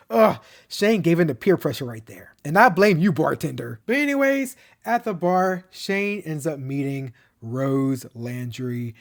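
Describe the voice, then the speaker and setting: A slightly high, slightly mellow male voice belongs to a reviewer casually recapping a TV show. Fond and chatty, he wanders along with many "like" fillers and restarts.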